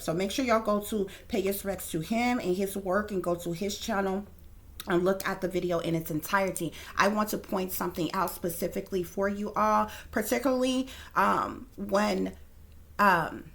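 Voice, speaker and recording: A woman psychic reader giving casual, blunt, profane commentary straight to her viewers. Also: mid-range voice.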